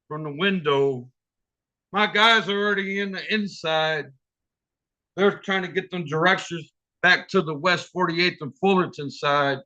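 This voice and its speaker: Male open mic storyteller, profane and vivid, bright voice, lo-fi call audio. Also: fairly high pitch.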